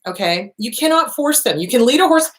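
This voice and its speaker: A middle-aged woman therapist answering viewer questions in a casual advice show, blunt and animated, swearing freely. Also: on the high side, brisk.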